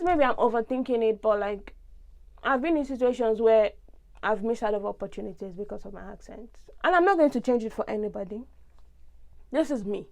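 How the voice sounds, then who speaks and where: Brief: young Nigerian-accented woman, high voice, animated expressive vlogger rant. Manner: expressive, ranting, big swings in tone. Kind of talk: casual vlog monologue.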